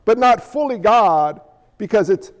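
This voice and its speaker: A man preaching a sermon as pastor in an animated, conversational way with jokey asides. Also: high-pitched, measured pace, big-room sound, highs cut off.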